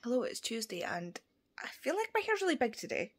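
Young woman, casual book vlogger, chatty and animated, acts out quotes, dry close sound. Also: fairly high pitch, a little fast, slightly rough, dry recording. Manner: chatty, animated retelling with quoted voices and asides. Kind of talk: casual book review vlog.

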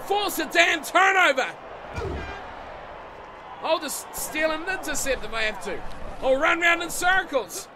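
A man giving excitable let's-play commentary on a rugby video game, swearing and yelling at his own team. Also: very high voice, a little slow, long pauses, a crowd in the background, noisy background. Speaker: gaming channel host. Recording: game music playing behind the voice.

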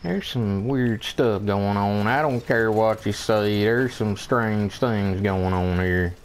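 A man narrates his own gameplay in a slow, unhurried drawl, sitting a little low in his range. He grumbles in disbelief, repeats himself, chuckles and swears mildly in a folksy way. A faint hiss of noise sits under his voice. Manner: folksy mild oaths, chuckles often. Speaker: gameplay commentator. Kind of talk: casual gameplay commentary.

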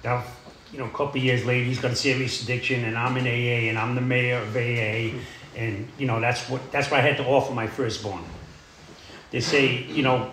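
A man's voice: mid-range voice, little pitch movement, fairly quick, a bit bright, a little hiss or hum. A middle-aged man telling his recovery story in a plain, rambling way, full of "you know" and "uh". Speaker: AA speaker sharing his story. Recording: echoey room.

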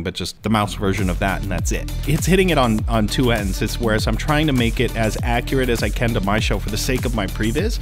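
Man, low-pitched, rambling, self-interrupting, technical, casual interview, faint music behind. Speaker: guest musician.

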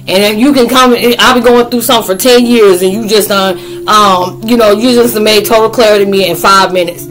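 Animated, slangy woman vlogger. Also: medium pitch, normal speed. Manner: loose, animated, slangy, acts out quoted friends. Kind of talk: casual spoken vlog, talking to viewers.

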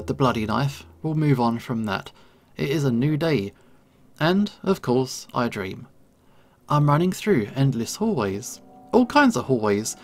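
A man reading a visual novel aloud with a lively, swinging delivery. His reading is expressive and dramatic, with soft guitar music playing faintly behind. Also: medium pitch. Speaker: gaming YouTuber.

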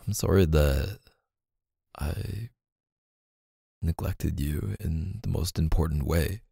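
A young man speaking softly and hesitantly in a whispered role-play, as an affectionate boyfriend. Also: rumbling low, slow, gravelly, slightly rough, dry recording, clean studio sound. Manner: soft-spoken, hesitant, affectionate. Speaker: ASMR boyfriend roleplay creator.

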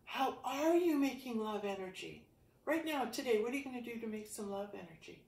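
A woman's voice: on the high side, lively intonation, brisk, vocal fry, darkish tone. A woman teaching a yoga class who talks about the spirit and asks earnest questions while she stretches. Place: indoor room, exercise mat. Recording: roomy sound, distant from the mic.

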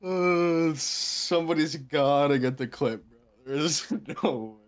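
A man's voice: a little high, takes it slowly. A man playing a game with a friend, talking in a loose, joking way full of slang and calling him "bro.". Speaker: teammate. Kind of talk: casual gaming chat.

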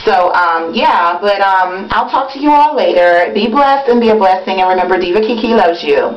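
A woman's voice: medium pitch, animated, normal speed. A woman vlogger chatting casually and venting while taking out her twists, talking with frequent ums. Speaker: beauty vlogger. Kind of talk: casual chat while doing her hair. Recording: dull lo-fi webcam audio.

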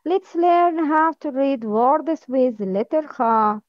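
A woman teaching Arabic letters, drilling words slowly and asking the listener to repeat after her. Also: high-pitched, animated, no echo. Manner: slow, careful drilling with repeat-after-me prompts. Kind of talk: slow recorded lesson. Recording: dull, lo-fi sound.

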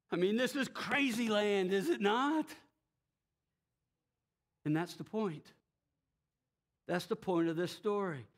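A man preaching a sermon as pastor of a church, telling the story in a lively way with rhetorical questions and frequent chuckles. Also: high-pitched.

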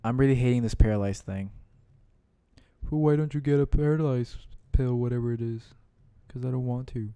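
A young man hosting a gaming channel, giving let's-play commentary with excitable yells, laughter and constant "dude"s. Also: medium pitch, normal speed, clean tone, dry recording.

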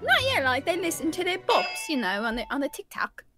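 A woman's voice: sits high, very animated, brisk, over music. A British woman playing a cheerful, scatterbrained mom who rambles hesitantly in a game roleplay. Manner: rambling, hesitant, out-of-touch slang.

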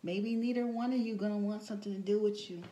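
A woman's voice: mid-range voice, fairly even intonation, fast talker, mellow, roomy sound, slight background noise, poor audio. A woman recapping a reality TV episode in a casual, chatty way, full of fillers and blunt asides. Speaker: TV show reviewer.

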